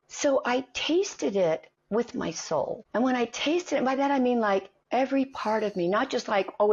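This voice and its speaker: A woman's voice: fairly high pitch, breathy edge. A middle-aged woman, an acting coach, telling stories in a conversation and acting out the voices in them. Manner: animated storyteller, acts out quoted voices. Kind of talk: storytelling in a conversation. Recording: dull lo-fi recording.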